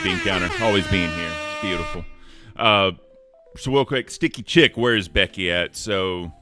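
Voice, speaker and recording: A man co-hosting a casual livestream chat in a deep voice, upbeat and thanking chat members by name. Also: bright, forceful tone. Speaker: co-host.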